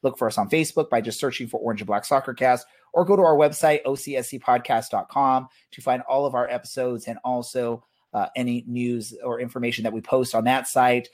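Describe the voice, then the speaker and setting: A man's voice: medium pitch, steady tone, fairly quick, few pauses. Guy hosting a soccer podcast, rambly, lots of ums and uhs, medium voice. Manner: loose, rambling, filler-heavy delivery. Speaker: podcast host. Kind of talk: casual podcast chat.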